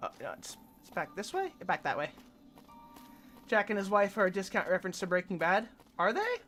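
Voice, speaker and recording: A woman's voice: medium pitch, big pitch swings, brisk, a bit bright, soft background music. Crude, joking woman streamer. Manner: crude, joking, sighs often. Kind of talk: casual gaming commentary.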